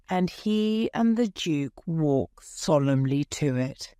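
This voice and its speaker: A woman reading a graded-reader story aloud in a clear, measured storytelling way. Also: low-pitched, darkish tone, no room sound, studio quality. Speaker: audiobook narrator. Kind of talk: scripted narration of a graded reader.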